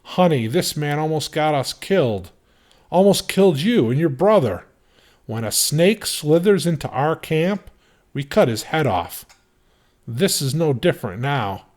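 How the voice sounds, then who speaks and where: A man's voice: on the high side, big pitch swings, a little slow, a little mellow, voice pushed up. A man voicing a stern armed father who talks in a hard, lecturing, emphatic way. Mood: menacing.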